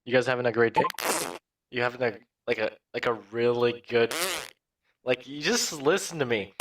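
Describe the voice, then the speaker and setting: A man's voice: mid-range voice, normal speed, heavy background noise, lightly acted. A man putting on a laid-back male comedian voice, drawling and giggly with lots of repetition. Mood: goofy.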